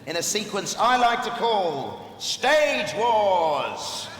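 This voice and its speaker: A man hosting a live convention stage event, brisk and announcing with dry humor. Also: high voice, sing-song. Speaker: stage host. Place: large convention hall stage. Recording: echoey hall, loud crowd and noise.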